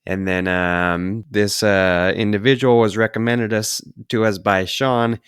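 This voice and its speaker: A man's voice: lowish voice, fairly even intonation, a little slow, fairly bright tone, smooth, no room sound, clean studio sound. A man hosting a podcast, introducing a guest in an upbeat, loose way with fillers. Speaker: podcast host.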